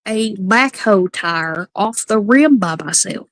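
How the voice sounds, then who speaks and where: A woman's voice: medium pitch, expressive, slow. A woman, a guest on a casual livestream, talking candidly and confiding about her family.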